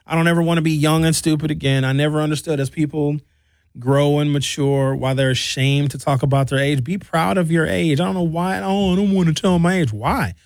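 Briskly and in a fairly high voice, a commentator in his fifties tells stories in a casual, profane, blunt monologue, acting out the quotes with animation. There's no room sound.

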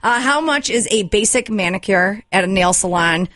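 A woman hosting a radio show in a casual, animated, upbeat way. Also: medium pitch, moderate pace, no room sound, studio quality.

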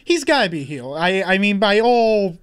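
A man's voice: sits high, big pitch swings, moderate pace, fairly bright tone, clean tone. A man co-hosting a sports radio show, hesitant and restarting phrases in casual chat.

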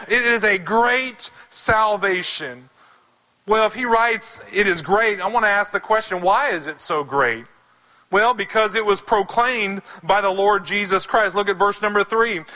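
Southern male preacher, high bright voice, sermon delivery, deliberate on scripture. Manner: slows to stress scripture quotes. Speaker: pastor.

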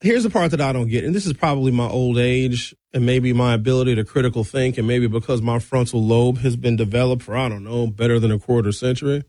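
A man's voice: fast talker, few pauses, no room sound. Middle-aged male talk radio host, blunt and sarcastic, dry close mic. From Wisconsin. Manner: animated, blunt, sarcastic, with sudden high-pitched outbursts. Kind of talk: opinionated talk radio monologue.

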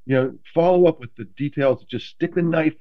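A man, a guest in a casual interview, telling stories in an animated, self-deprecating way with many restarts. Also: fairly high pitch, normal speed, dull audio. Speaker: guest, former quarterback.

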